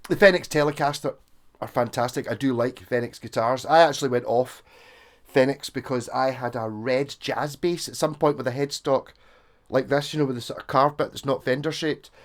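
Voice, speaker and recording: A man's voice: mid-range voice, fairly even intonation, normal speed. A Scottish man chatting frankly through a guitar review, rambling and swearing freely. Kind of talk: casual gear review chat.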